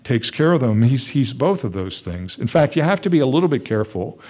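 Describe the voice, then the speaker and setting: A man's voice: medium pitch, sing-song, brisk, darkish tone. A man preaching a sermon, explaining Bible verses with a teaching tone and some restarts. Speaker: pastor.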